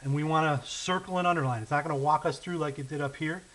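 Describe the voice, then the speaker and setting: A man's voice: fairly high pitch, fairly even intonation, a bit bright, low-quality recording. Patient man teaching math aloud. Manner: patient, checks in with frequent "okay?" and "right?"; thinks aloud while writing, slows down on key numbers. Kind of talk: recorded lesson walkthrough. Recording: faint hiss.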